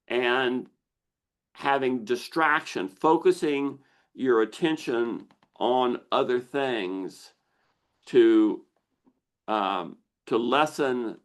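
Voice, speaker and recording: A man hosting a live online Q&A, explaining slowly and deliberately with pauses as he shares slides. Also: mid-range voice, a bit bright. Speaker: misophonia researcher hosting a Q&A.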